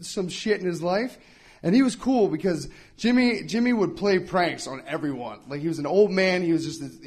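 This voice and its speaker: A young man performing a stand-up comedy set at a live event, telling a story with lively voices for the people in it. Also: high voice. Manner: animated storytelling, acts out characters with shouts and whispers. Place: live podcast event before an audience.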